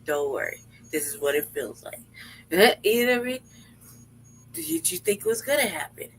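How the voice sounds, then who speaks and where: A woman's voice: medium pitch, very animated, moderate pace, slight background noise, poor audio. A woman co-hosting a casual livestream, talking in a brash, profane, mocking way. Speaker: livestream co-host.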